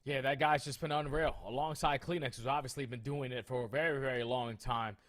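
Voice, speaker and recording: A man's voice: mid-range voice, steady tone, a little fast, fairly bright tone. A man casting an esports match with hyped enthusiasm and casual slang. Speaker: esports caster. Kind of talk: esports desk commentary.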